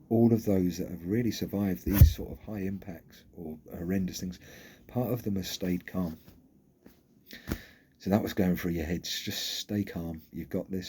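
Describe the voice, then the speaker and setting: A man's voice: low voice, dark tone, slight background noise. A middle-aged man tells a personal story in a frank, candid way and swears casually.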